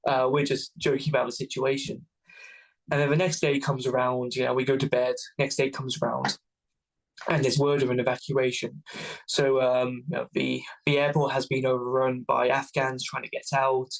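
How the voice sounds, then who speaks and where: A man's voice: medium pitch, rough recording. A young man from Wales telling travel stories as a guest, casual and self-mocking. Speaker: guest adventurer. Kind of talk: casual storytelling.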